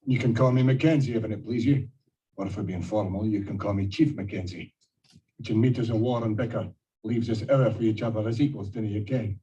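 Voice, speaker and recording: An actor with a Scottish accent playing a proud clan chief in a TV drama, speaking in formal, courtly phrasing with rolled R's. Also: male voice, on the low side, steady tone, brisk, warm tone, close to an everyday voice. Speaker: character in a TV drama clip. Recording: dull, distant TV clip played back in a room.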